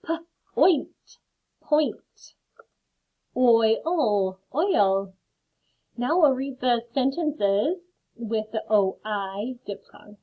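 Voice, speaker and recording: A woman's voice: a little high, expressive, drawn-out words, long pauses. A woman teaching a phonics lesson to children, carefully sounding out words and adding friendly chatty asides. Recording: phone-like lo-fi audio.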